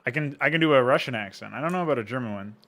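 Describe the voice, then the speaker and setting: A man's voice: mid-range voice, lively intonation, racing, fairly bright tone. A young man chatting casually on a live stream, laid-back and joking, swearing now and then and answering chat. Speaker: streamer and game modder.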